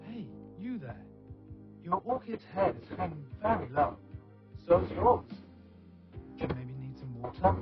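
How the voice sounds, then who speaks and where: A man's voice: sits high, big pitch swings, unhurried, long pauses. An actor voicing a gloomy, self-loathing young man who talks sarcastically, often muttering to himself. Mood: sarcastic. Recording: dull lo-fi game audio over music.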